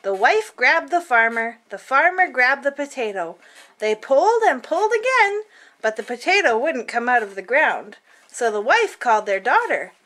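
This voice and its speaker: A woman reading a picture book aloud to children in an expressive, playful storytelling manner. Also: high voice, normal speed.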